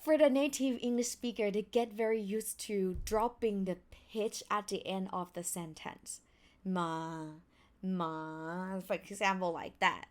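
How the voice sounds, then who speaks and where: A young woman with a Thai accent teaching a language lesson, slowing right down to sound out each tone. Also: mid-range voice. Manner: slow, careful, drawn-out tone demonstrations.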